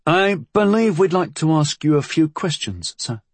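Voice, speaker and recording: A man voicing a courteous, calm police inspector who keeps calling people sir. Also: fairly high pitch, moderate pace, no room sound, pitched above the performer's own voice.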